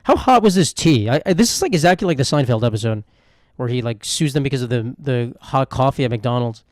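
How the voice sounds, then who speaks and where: A young man at mid pitch rambles through a solo comedy podcast, irreverent and self-mocking, often drifting into muttered asides. The mic is close and dry, with no room sound. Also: expressive, a little fast, dry recording. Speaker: podcast host.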